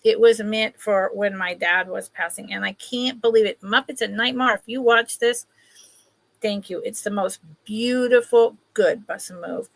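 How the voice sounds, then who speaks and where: A woman's voice: medium pitch, moderate pace, creaky, dry recording. A woman hosting a casual live-stream sale, chatting with viewers by name while she shows pieces. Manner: chatty, greets viewers by name, talks while handling items.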